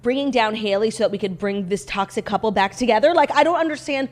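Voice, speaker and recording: A woman's voice: fairly high pitch, fast. Chatty opinionated woman co-host. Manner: chatty, lots of "like" fillers, opinionated rants. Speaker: podcast co-host. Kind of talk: casual gossip chat.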